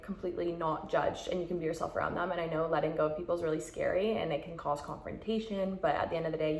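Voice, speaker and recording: Young woman vlogger, lowish voice, talks frank and chatty, roomy echo. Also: gravelly. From Canada. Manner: chatty and frank, acts out quoted thoughts. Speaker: vlogger giving advice. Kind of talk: casual advice chat.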